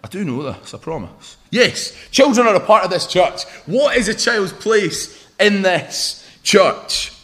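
A man's voice: high-pitched, sing-song, unhurried, few pauses, pushed and bright. A young man preaching a sermon in an informal, joking way, telling a story to the congregation. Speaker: pastor.

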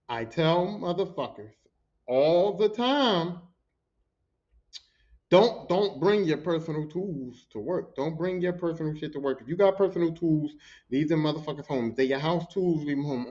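A man telling work stories on his podcast in a loose, profane, animated way, acting out what others said. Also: a little high, highs cut off. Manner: profane, animated, acts out quotes. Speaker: podcast host. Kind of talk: casual storytelling monologue.

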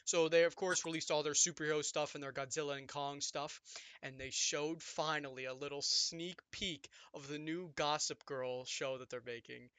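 Guy hosting a podcast, jokey and hyped, bright forceful voice, dry sound. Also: fairly high pitch, normal speed, smooth, no room sound. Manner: excitable, self-mocking, lots of restarts. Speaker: podcast host. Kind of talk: casual chat.

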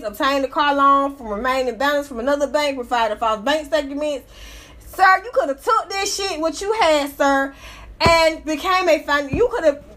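A woman reads a news article and riffs on it in a loose, profane commentary. Her voice sits high, and she talks in an animated, sassy way, often breaking into laughter. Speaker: commentator reacting to a news story. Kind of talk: casual commentary reading and reacting to an article.

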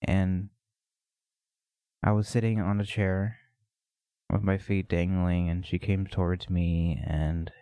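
A man with a low, mellow voice speaks slowly into a close podcast mic, pausing often as he thinks aloud. His talk is reflective and halting, like a personal confession. The recording is dry, with no room sound. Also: little pitch movement, no echo. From United States. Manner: reflective, halting, with many pauses. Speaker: podcast host.

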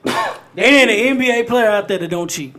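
A man co-hosting a casual chat, teasing loudly and laughing often. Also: very high voice, brisk.

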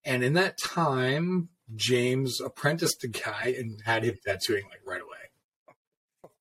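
Speaking slowly in a medium-pitched voice that's fairly bright yet slightly rough, this man is a longtime tattooist swapping career stories. His telling is casual, meandering, profane and loaded with fillers.

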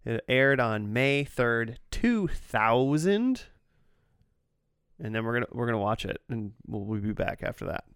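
A man leads a casual podcast conversation with a gravelly edge to his voice. His tone is smooth and clear. The sound is dry, as if close to the mic. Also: mid-range voice, fairly quick, hardly any pauses, no room sound. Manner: relaxed, chatty, quotes scenes with raised voice. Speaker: podcast host. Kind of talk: casual chat.

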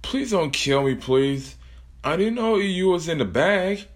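A man's voice: fairly low pitch, big pitch swings, a little slow. A man voicing a frightened young woman who pleads for her life. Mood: scared. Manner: pleading, panicky. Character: scared young woman, last survivor.

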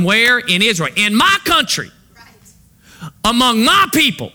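A male pastor delivers a sermon in a high, strikingly bright voice. He preaches by posing fill-in-the-blank questions to his congregation. His delivery stays sharp and forward throughout. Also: huge pitch swings, a little slow.

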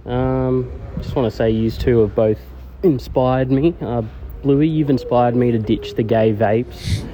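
A man leaving a relaxed, friendly voice message for a podcast, pausing often on fillers. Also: mid-range voice, rough recording. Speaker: listener calling in by voice message. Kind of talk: casual voice message. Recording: voice message with clear background noise.

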